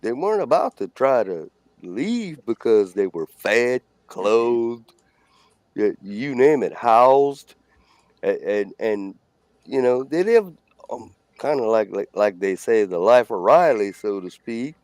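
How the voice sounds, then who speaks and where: A man from Louisiana, a guest on a casual live stream, who talks haltingly with many fillers. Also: mid-range voice, sing-song, darkish tone, dry recording.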